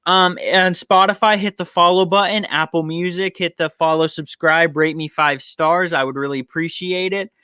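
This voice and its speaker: A man's voice: fairly high pitch, steady tone, moderate pace, hardly any pauses, sharp tone, smooth, no echo, clean studio sound. A man hosting a solo sports podcast, a bit tired, rambling and thinking aloud with frequent ums. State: tired, yawning. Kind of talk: casual solo sports talk.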